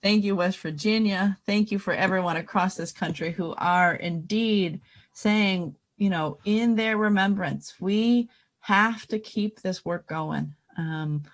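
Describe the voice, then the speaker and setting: A woman's voice: mid-range voice, unhurried. A woman hosting a rally livestream, affirming speakers steadily and handing over to the next. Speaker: host.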